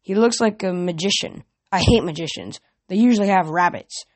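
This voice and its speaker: A man's voice: sits high, normal speed, dry recording, natural voice. A young man reading aloud, voicing a nervous, easily scared young satyr in a storybook. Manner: nervous, indignant.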